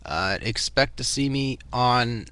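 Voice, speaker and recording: A man's voice: medium pitch, lively intonation, slow, pushed and bright, no echo. A young man with a Boston accent, chatting casually in a rambling vlog full of fillers and restarts. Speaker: vlogger.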